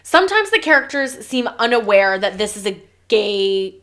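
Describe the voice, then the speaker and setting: A woman's voice: a little high, a little fast. A woman co-hosting a podcast, reading a story aloud and mocking it in casual chat, often acting out lines in silly voices. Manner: animated, sarcastic, acts out lines in mock voices. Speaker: podcast co-host.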